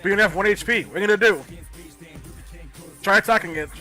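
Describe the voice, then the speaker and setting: A young man explaining game footage in casual chat, calm and teasing. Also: high voice, fast, soft background music. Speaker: streamer showing footage.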